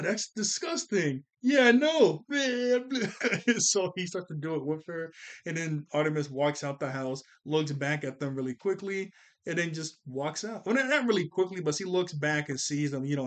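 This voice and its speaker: Male reviewer, slightly higher voice, loose rambling recap, a bit worn out. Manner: rambling, self-correcting, acts out character lines in a raised voice. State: tired from recording all day. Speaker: show reviewer. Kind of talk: casual episode recap.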